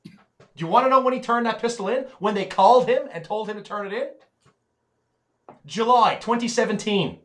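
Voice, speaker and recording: A man rants fast and loud in casual podcast talk. He swears constantly, and his voice sits a bit high as the words tumble out. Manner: profane, ranting, heavy swearing. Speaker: podcast co-host. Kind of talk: heated casual chat.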